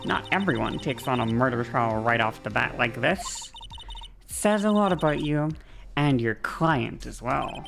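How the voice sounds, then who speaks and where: A woman voicing a calm senior attorney who mentors a rookie, speaking in a lowered, measured tone. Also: creaky, music in the background, full character voice. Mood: composed. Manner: low, measured and composed.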